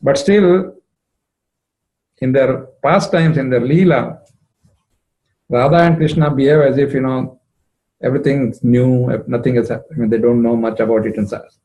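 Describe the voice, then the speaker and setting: A man telling a devotional story, emotive and rising in pitch at moving moments, with frequent fillers. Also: normal speed, pauses often, mellow, low-quality recording. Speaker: spiritual storyteller.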